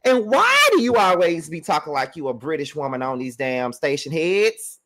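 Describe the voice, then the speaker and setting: A man's voice: on the high side, big pitch swings, moderate pace, few pauses, fairly bright tone. A man hosting a commentary channel, reacting to clips in a chatty, incredulous way and sometimes laughing in disbelief.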